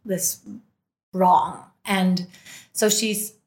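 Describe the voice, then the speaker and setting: A woman's voice: on the low side, very slow. A woman hosting a podcast, telling a long personal story in casual chat, laughing often and acting out what others said. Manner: animated, laughs often, acts out quotes. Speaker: podcast host. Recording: roomy echo.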